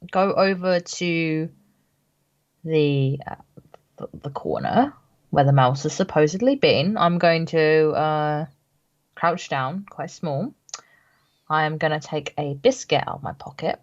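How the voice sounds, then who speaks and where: Woman player, lower voice, hesitant with fillers, muffled remote audio. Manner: hesitant, relaxed with many fillers. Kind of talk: casual tabletop game play.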